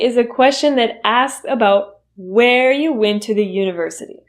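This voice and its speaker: A woman teaching English pronunciation, modeling phrases slowly and clearly for learners to repeat. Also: medium pitch, animated. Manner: slow, deliberate, models phrases for repetition. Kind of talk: pronunciation lesson.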